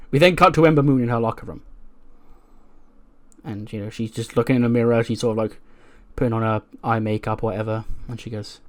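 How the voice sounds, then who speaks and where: A man's voice: mid-range voice, steady tone, a little fast. A man giving casual, amused commentary as he retells a game storyline, voicing the characters along the way. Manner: chatty, amused, narrates with voiced quotes. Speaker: let's play creator.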